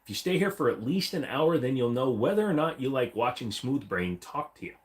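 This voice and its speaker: A man chats loosely with his livestream viewers from a room at home, joking and rambling from one subject to the next. His voice sits at a middle pitch and swings widely up and down as he talks, often jumping into goofy put-on voices. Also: big pitch swings, fairly quick. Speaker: livestream host. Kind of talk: casual livestream chat with viewers. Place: home room, seated against a wall.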